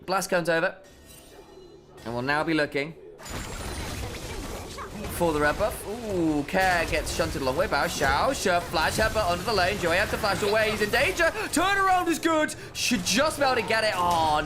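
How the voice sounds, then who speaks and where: A man doing jokey, animated play-by-play commentary on an esports match. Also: fairly high pitch. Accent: put-on casting accent. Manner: animated, jokey, rising excitedly on big plays. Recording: game music behind the commentary.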